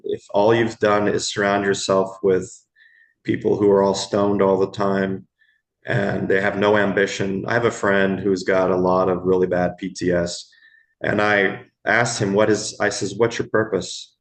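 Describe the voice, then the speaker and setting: A middle-aged man, telling stories from his years as an emergency room medic in a podcast interview, slow and halting, repeating words as he goes. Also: low-pitched, flat delivery, creaky. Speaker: guest, former ER medic.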